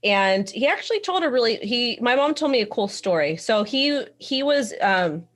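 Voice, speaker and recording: A woman's voice: on the high side, big pitch swings, normal speed. Chatty, giggly woman co-hosting. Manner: chatty storyteller, giggly, rambling with restarts. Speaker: co-host. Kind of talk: casual live-stream chat.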